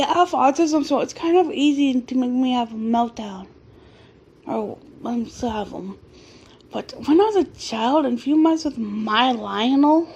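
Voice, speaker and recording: A woman in her early twenties telling a personal story to her camera late at night at home, excitable and animated, often restarting her sentences. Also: fairly high pitch, vocal fry, muffled recording, slight background noise. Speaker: vlogger. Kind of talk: casual storytelling vlog.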